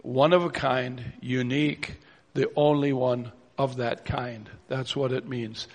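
A man preaching a sermon in a steady, explanatory way, stopping now and then to read verses aloud. His voice has a gravelly, fry-edged grain at a middle pitch. The sound hangs in the long reverb of a church hall. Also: slow.

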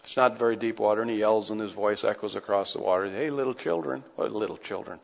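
A man's voice: lowish voice, little pitch movement, quick pace, creaky. Preacher man in a reverberant church hall. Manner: conversational asides between scripture readings. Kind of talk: sermon, reading and explaining scripture. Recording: dull lo-fi recording with long hall reverb.

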